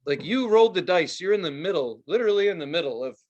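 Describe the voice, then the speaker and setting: A man co-hosting a podcast, telling a story in casual chat, swearing a lot and acting out quotes loudly. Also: high voice, quick pace, highs cut off. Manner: profane, animated storytelling with loud acted-out quotes. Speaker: podcast co-host.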